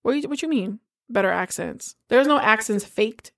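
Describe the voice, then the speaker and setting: Woman, American accent, casual TV chat, blunt, profane, slightly high voice. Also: moderate pace, creaky. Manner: blunt, profane, animated storytelling. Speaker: podcast co-host. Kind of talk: casual chat about TV shows.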